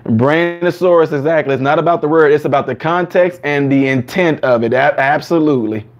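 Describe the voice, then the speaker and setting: Animated man chatting on a lo-fi stream. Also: fairly quick. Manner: animated, acts out quotes in higher voices, laughs often. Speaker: live stream host answering chat. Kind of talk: casual live chat.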